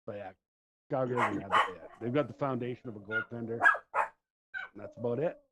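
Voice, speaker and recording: A middle-aged podcast host from Central Alberta, Canada tells long, rambling stories in casual chat, laughing as he goes. His medium-pitched voice is a little fast, and the dull lo-fi recording is very noisy.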